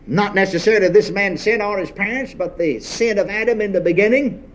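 A man's voice: high-pitched, a little fast. A man preaching a sermon, exhorting his congregation with rhetorical questions and calls of praise.

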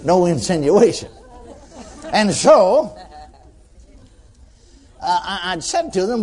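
Animated folksy male preacher. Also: high voice, slow, long pauses, slightly rough, a faint crowd. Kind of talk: storytelling sermon.

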